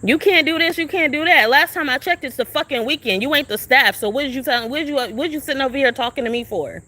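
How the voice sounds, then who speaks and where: Fast and forceful, this young livestreamer vents from her phone outside a shelter, swearing and confronting someone with the same questions over and over. Her voice sits high and sounds bright.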